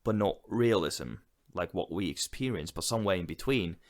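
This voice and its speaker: A man's voice: sits low, expressive, moderate pace. A man co-hosting a podcast who talks through films in a casual, reflective way and often agrees with his partner. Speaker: podcast co-host. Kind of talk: casual film discussion.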